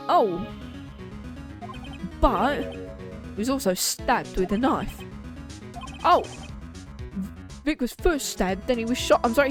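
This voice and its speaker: A young woman streaming a game, reading its dialogue aloud and chatting with quick reactions. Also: on the high side.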